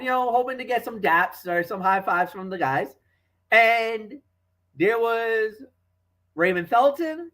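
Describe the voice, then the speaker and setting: In a rough recording, a mid-pitched co-host rambles through casual sports talk, telling stories about players. Fillers and restarts abound, and the voice gets louder when excited.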